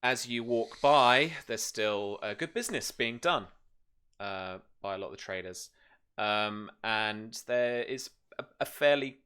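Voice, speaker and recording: A man's voice: fairly low pitch, unhurried, pushed and bright, clear, resonant tone. A man narrating as game master, describing scenes in loose speech with many fillers and restarts.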